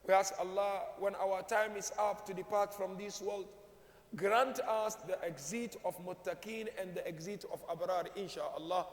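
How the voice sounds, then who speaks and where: A man with a very high voice delivers a sermon of mourning. His narration lifts into chanted, wailing lament. The sound carries the long reverb of a large hall. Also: steady tone, normal speed. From Kenya. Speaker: sheikh giving a Ramadan majlis sermon. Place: mosque or prayer hall.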